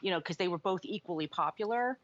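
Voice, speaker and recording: A woman co-hosting a podcast, chatting casually about a film with quick opinionated asides. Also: lowish voice. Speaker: podcast co-host. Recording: slightly muffled dull podcast mic.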